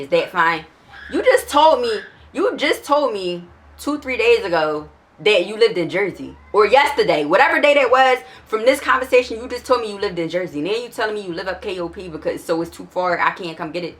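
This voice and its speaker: Young philly girl venting a storytime, lowish voice but real bright and sharp, cussing a lot. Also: fast talker. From Philadelphia area. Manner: exasperated, profane, animated storytelling with many restarts. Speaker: vlogger telling a story. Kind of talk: casual storytime.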